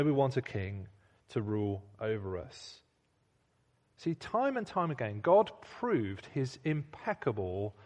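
A man preaching a sermon in a conversational way, asking rhetorical questions and sometimes restarting his sentences. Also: a little high. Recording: long hall reverb.

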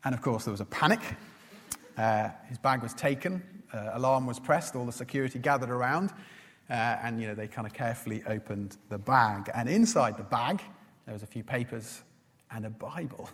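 A man preaching a sermon in an earnest manner, putting questions to his listeners and pausing often with "uh". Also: medium pitch, a bit bright, husky. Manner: earnest, asks the listeners questions, many "uh" fillers. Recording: long reverb of a large hall.

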